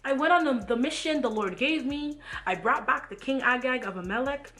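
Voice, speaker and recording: A woman's voice: mid-range voice, big pitch swings, normal speed, fairly bright tone. A woman voicing a boastful male king who breezily justifies himself, in a Bible read-along. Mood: defensive. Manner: breezy, cocky, talking over instructions.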